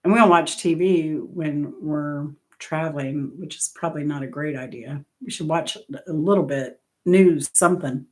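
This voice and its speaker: A woman with a low, darkish voice hosts a music trivia channel, speaking at a moderate pace with few pauses. She chats casually and rambles through travel anecdotes, correcting herself as she goes and laughing.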